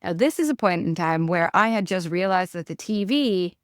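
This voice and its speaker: A woman's voice: fairly low pitch, moderate pace, clear, resonant tone, no room sound. Young woman, New York accent, ranting guest, swears a lot, dry close sound. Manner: animated, ranting, swears freely. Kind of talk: casual interview storytelling.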